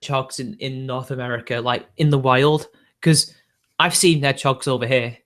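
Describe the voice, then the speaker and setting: A man's voice: medium pitch, fairly even intonation, normal speed, a bit bright. A man hosting a casual livestream, talking off the cuff in a rambling, hedging way with frequent chuckles. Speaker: livestream host.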